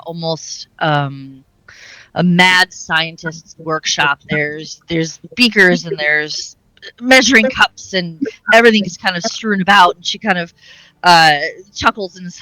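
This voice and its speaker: A woman describing her character's brewery and speaking in character in a tabletop role-playing game, with many pauses and fillers. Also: fairly low pitch, sharp tone, no room sound, poor audio. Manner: hesitant, many fillers and restarts, laughs often. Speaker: player voicing her character. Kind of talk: tabletop role-play narration and in-character talk.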